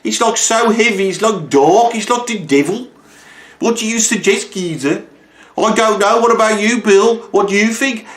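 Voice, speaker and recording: A man putting on high-pitched, drawling voices of dopey male rock musicians planning a song. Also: moderate pace, fairly bright tone. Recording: roomy echo.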